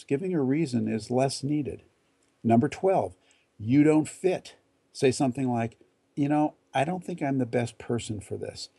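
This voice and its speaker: A man giving numbered etiquette advice in a measured, deliberate way, acting out polite example phrases. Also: medium pitch, creaky, warm tone, husky, no echo. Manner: measured, deliberate delivery with quoted example lines. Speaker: etiquette instructor. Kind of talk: numbered advice talk to camera.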